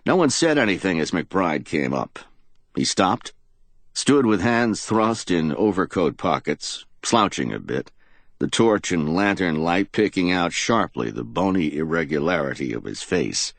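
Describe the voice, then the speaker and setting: A man's voice: low-pitched, big pitch swings, a little slow, gravelly, no echo. A man narrating a hardboiled crime audiobook in a dramatic storytelling manner.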